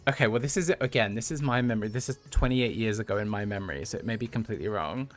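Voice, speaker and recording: In his thirties and from the United Kingdom, a man hosts a livestream and tells his chat a story in a relaxed way, laughing often. His voice is lowish and quick, with soft music playing behind him.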